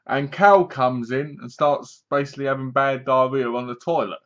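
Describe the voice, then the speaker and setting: A man's voice: medium pitch, steady tone, normal speed, fairly bright tone. A man casually reviewing a film to his webcam, retelling the plot in a rambling way and laughing at the jokes. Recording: dull lo-fi webcam audio.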